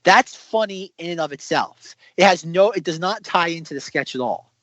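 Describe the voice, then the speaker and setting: A man's voice: on the high side, lively intonation, normal speed, a bit bright, no echo, muffled recording. A man co-hosting a film podcast in casual chat, sarcastic and acting out quotes. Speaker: podcast co-host.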